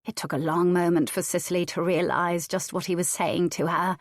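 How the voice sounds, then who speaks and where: A woman narrating a historical romance audiobook in an even, measured storytelling manner. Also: on the low side, no echo, clean studio sound. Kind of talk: scripted narration.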